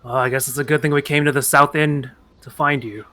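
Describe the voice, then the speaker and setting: Bright-voiced man playing at the table. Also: mid-range voice, steady tone, fairly quick. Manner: speaks in character now and then. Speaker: player. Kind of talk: casual tabletop role-play.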